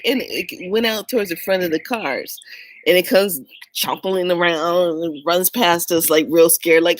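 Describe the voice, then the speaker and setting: A woman telling a personal story in a casual, animated way, often laughing and acting out what people said. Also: lowish voice, moderate pace, no echo, rough recording. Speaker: vlogger.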